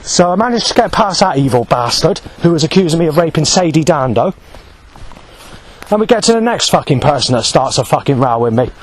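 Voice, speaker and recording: Man, agitated vlog rant, heavy profanity, restless self-correcting delivery, a bit higher pitched. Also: very animated, brisk, poor audio. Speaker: vlogger. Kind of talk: angry spoken account.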